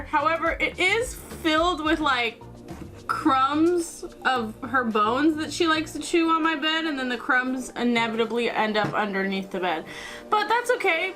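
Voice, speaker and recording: A woman's voice: high-pitched, sharp tone. A woman chatting through a casual crafting vlog, joking and teasing herself as she works. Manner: chatty and self-mocking. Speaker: craft vlogger.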